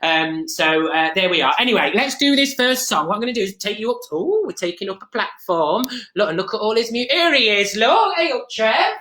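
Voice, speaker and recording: Playing the chatty middle-aged Nottingham gossip Mrs Mabel Green, complete with East Midlands accent, a performer rambles through a comic live-stream monologue heavy on fillers and asides. Pitch is medium, intonation lively, and the pushed, bright delivery runs fairly quickly with hardly any pauses, in an echoey room.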